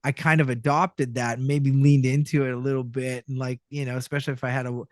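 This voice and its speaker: Speaking fast in a mid-range voice, a middle-aged Canadian man is heard in a dry, studio-quality recording. He's a guest voice actor in a relaxed interview, animatedly telling stories and performing the voices and lines he quotes.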